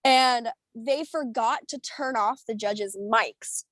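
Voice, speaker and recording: Over a video call, a young American woman who sings is interviewed and rambles through stories in a bubbly, animated way, packed with fillers and laughter. Her voice is fairly high and slow, and the recording is very noisy.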